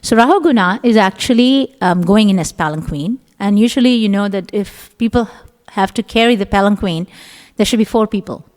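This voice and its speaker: A middle-aged woman giving a scripture class, telling the story in an animated way and acting out the voices of its characters. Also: mid-range voice, a little fast. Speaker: class speaker. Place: temple hall. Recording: long hall reverb.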